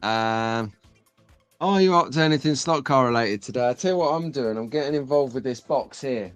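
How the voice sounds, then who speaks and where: A man's voice: mid-range voice, expressive, moderate pace, no room sound, soft background music. A man hosting a casual live stream, chatting and joking with viewers, having just woken up. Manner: chatty, jokey banter with the chat. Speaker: host.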